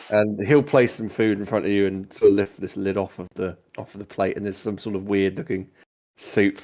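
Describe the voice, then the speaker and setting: A man narrating as game master of a tabletop role-playing game, relaxed, with frequent ums and self-mocking laughs. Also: lowish voice, fairly quick.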